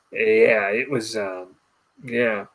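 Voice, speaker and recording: A man's voice: fairly low pitch, drawn-out words. A young adult man hosting a casual podcast chat, telling stories and mimicking voices. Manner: storytelling, animated mimicking voices. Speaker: podcast host.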